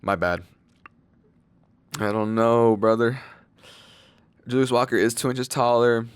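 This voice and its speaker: A man's voice: medium pitch, takes it slowly, clear, resonant tone, dry recording. A young man giving casual, rambling fight predictions, loose and slangy, with lots of fillers and swearing. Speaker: MMA fight predictions channel host.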